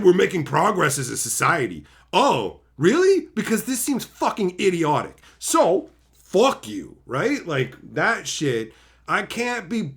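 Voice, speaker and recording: A man's voice: high-pitched, a bit bright. A man hosting his own channel, ranting about stories in a heated, sarcastic, profane way. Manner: heated, sarcastic, swears constantly; mocking voices of imagined critics. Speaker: channel host. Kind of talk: profane opinion rant.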